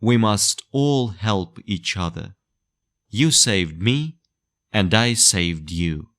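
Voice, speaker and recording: A little puppet boy, as a man reads him, urgent and thankful. He speaks very slowly and the pitch swings widely, as in a storybook read to learners. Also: expressive, a bit bright. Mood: grateful. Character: grateful boy puppet, small and scared.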